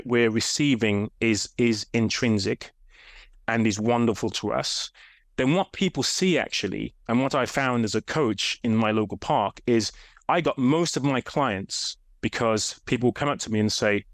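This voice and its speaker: A grown man with a medium-pitched voice, recorded in clean studio sound with no echo. He's a fitness coach appearing as a guest in a casual interview, animatedly telling stories and acting out the voices of the people he quotes.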